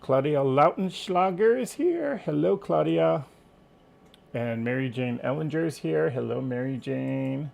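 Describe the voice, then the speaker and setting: Gravelly-voiced man hosting a live stream. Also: on the high side, lively intonation, a little slow, a little mellow. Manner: chatty, greets viewers by name, loses his train of thought. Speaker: quilting livestream host. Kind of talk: casual live-stream chat. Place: at home.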